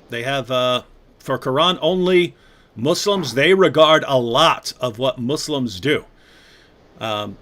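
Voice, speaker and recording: A man hosting a live online conversation, reading viewer questions and retelling stories with lively quoted voices. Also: medium pitch. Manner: animated, acts out quoted voices. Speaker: host.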